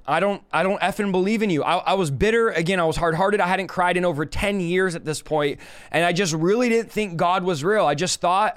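Male preacher, 30s, high and resonant voice, emphatic live-stream testimony. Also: a bit bright, clean tone. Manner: fervent, emphatic storytelling with repeated phrases; talks straight to live viewers.

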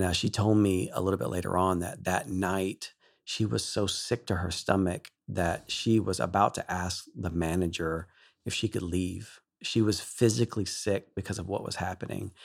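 A male worship leader, a guest on a talk show, telling an emotional story in an animated way and laughing often. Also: low-pitched, creaky, slightly rough.

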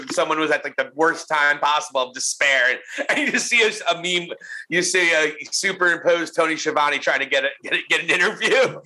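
A man co-hosting a casual wrestling podcast, animated and laughing, tossing in quick impressions of people. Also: a little high, poor audio. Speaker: podcast co-host.

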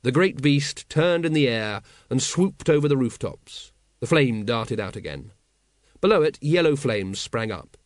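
A man narrating a comic fantasy audiobook in a wry, expressive storytelling manner. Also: mid-range voice, a little slow, dry recording, clean studio sound. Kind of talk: scripted narration.

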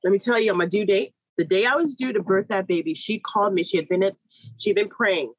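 A woman in her thirties, a midwife, telling a long personal story in an interview with lively, animated delivery and quoted voices. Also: medium pitch, quick pace, dry recording, low-quality recording.

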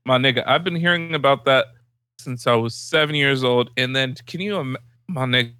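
A young man ribbing his friends in casual podcast chat, blunt and profane. His tone is bright and forward. The recording is dry and close. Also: mid-range voice, fairly quick, smooth, no echo.

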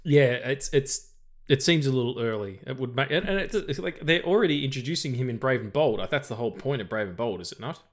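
A man's voice: medium pitch, animated, fairly quick. A man with an Australian accent co-hosting a film podcast, talking loosely with jokes and swearing. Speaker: podcast co-host. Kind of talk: casual film podcast chat.

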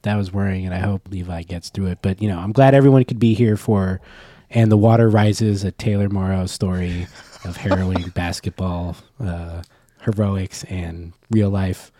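A man with a mellow, warm voice trades jokes and teasing banter as a podcast co-host. He talks from a room at home into a microphone on a stand. The sound is dry. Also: low-pitched, fairly even intonation, a little slow, no room sound. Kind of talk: casual chat.

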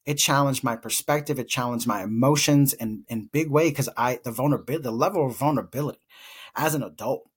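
A young man with a slightly husky, breathy voice recounts a personal story as a podcast co-host. He speaks earnestly and reflectively, his voice carrying open emotion as he works through a painful memory. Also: mid-range voice, quick pace.

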